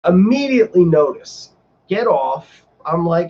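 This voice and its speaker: A male vlogger chatting on a live stream, telling his story with rambling, animated energy. His voice sits a touch high. The lo-fi stream audio sounds a bit dull. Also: measured pace, a little hiss or hum. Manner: animated and rambling, with many fillers. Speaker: vlogger host.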